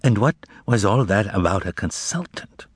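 Guy playing a nervous timid fella, hushed questions, lowish voice. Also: expressive, moderate pace, husky, no echo. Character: shaken, timid male poet companion.

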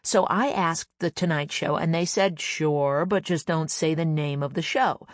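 A woman with a lowish voice tells a personal story in a chatty, meandering way, slipping into the voices of the people she quotes. The sound is close and dry, with no room around her. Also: a little slow, no room sound. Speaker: comedian. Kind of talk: anecdotal storytelling.

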